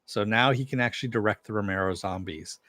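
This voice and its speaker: Low-voiced man casually recapping a show. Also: quick pace, sharp tone, no room sound. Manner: loose and conversational, with frequent "you know" and casual swearing. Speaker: TV episode reviewer. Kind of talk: casual spoken recap and review.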